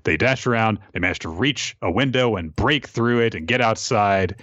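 Man, podcast co-host, casual joking recap, low voice, dry sound. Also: moderate pace, a bit bright, no room sound, highs cut off. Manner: joking, with frequent laughs. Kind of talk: casual chat recapping a comic.

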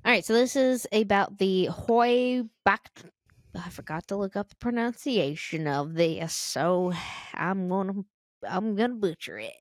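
An American woman co-hosting a podcast, chatting casually and retelling a spooky story, animated and giggly. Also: medium pitch, measured pace, dry recording, studio quality. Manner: animated and giggly, acts out reactions. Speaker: podcast co-host.

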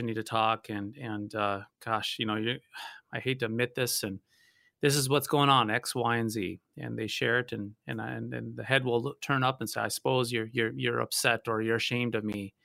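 A male pastor from North Dakota talks through a theological discussion, telling stories in an animated way with frequent restarts. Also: mid-range voice, vocal fry, no room sound, studio quality.

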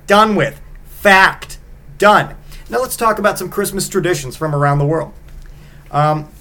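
A man's voice: on the high side, fairly bright tone. Profane, sarcastic male podcast host. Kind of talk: comedic monologue.

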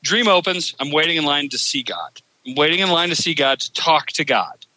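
A man with a raised, forceful voice tells a story in loose podcast talk. He rambles, swears freely and piles up fillers as he goes, heard in a dry, close sound. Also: a little high, lively intonation, a little fast, dry recording, rough recording. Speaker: podcast host. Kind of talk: casual podcast chat.

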